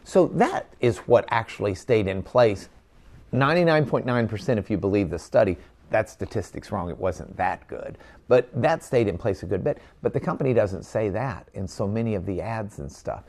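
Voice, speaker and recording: Interviewer: low, gravelly male voice, lively and indignant. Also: moderate pace. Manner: emphatic, indignant storytelling.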